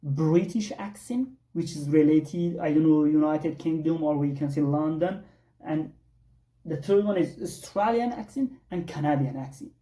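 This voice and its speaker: A teacher from Afghanistan gives an online English exam lesson, calling listeners "guys" and filling pauses with "you know" and "I don't know". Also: mid-range voice, dark tone, far from the mic. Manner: addresses listeners as guys, many fillers and repeated "I don't know". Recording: echoey room, voice set back from the mic.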